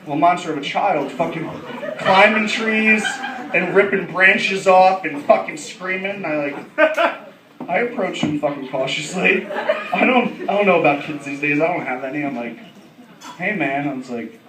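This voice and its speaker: A man's voice: fairly high pitch, moderate pace, noisy background. A man doing a stand-up comedy set, brash and profane, laughing through his lines. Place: comedy club. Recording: echoey club, distant mic, loud crowd.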